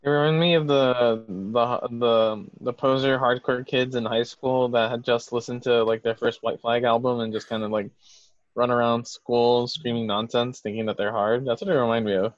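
A man's voice: mid-range voice, steady tone, moderate pace, no room sound, dull audio. A man co-hosting a wrestling podcast, rambling through casual chat with lots of fillers and restarts. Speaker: podcast co-host.

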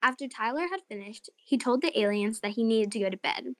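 A woman narrating a children's story and hosting a short segment, in an expressive, friendly way. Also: a little high, brisk, no room sound, studio quality.

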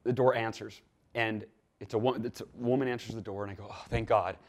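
Animated man telling a story. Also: on the low side, fairly quick. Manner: animated, acts out quoted dialogue with lively swings in loudness. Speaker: podcast guest. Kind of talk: storytelling in a conversational interview.

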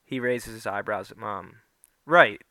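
A man's voice: fairly even intonation, brisk, sharp tone, clean tone, dry recording. Man reading a first-person story. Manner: voices the characters with small pitch shifts. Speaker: narrator.

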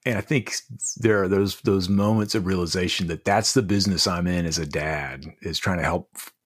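A middle-aged man telling heartfelt stories as a podcast guest, halting and restarting often. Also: low-pitched. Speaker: podcast guest, leadership coach. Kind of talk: casual interview storytelling.

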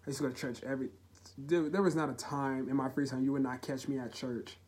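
An earnest young man hosts a solo confessional podcast, his mid-range voice steady and a little mellow. He speaks haltingly and emotionally, with heartfelt sincerity.

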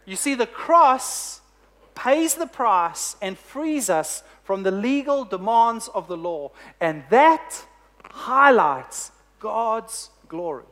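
A preacher delivering a sermon, telling a story with emphatic, deliberate phrasing. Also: medium pitch, sing-song, fairly bright tone.

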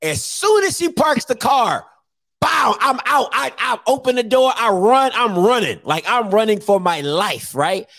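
Man, comic storyteller, lively pitch, dry close mic, acts out voices and laughs a lot. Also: measured pace, dry recording. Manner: animated, laughing, acting out voices.

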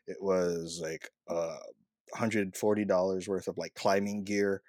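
A man's voice: deep voice, flat delivery, measured pace, darkish tone, no echo, clean studio sound. A young man co-hosting a podcast, telling a story in casual chat and laughing often. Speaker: podcast co-host.

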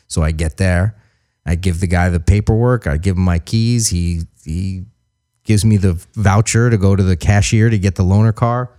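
Profane, animated male storyteller. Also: low-pitched, normal speed. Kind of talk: casual chat.

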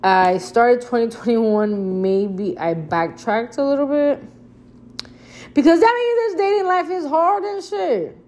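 A young woman telling a story to her viewers in a casual, chatty way, cursing freely and acting out what she said back then with big jumps in pitch. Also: slow pace, darkish tone.

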